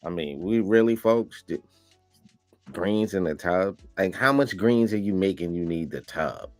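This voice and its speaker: A man's voice: low voice, animated, a little slow, dry recording, faint music behind. A man co-hosting a political talk show, blunt and joking in casual chat. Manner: blunt, joking, laid-back.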